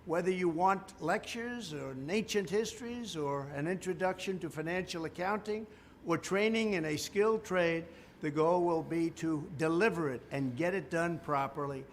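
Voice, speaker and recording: A man's voice: on the high side, normal speed, slight background noise. A man delivering a scripted political speech with emphatic, oddly placed stress, played as a clip. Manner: emphatic, stresses odd syllables. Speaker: politician in a played campaign video.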